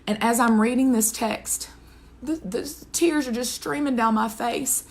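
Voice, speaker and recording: A woman's voice: a little high, measured pace. A woman speaking as a devotional speaker, telling a personal testimony in an earnest, conversational way and closing with a prayer. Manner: earnest, conversational storytelling with wide swings in pace.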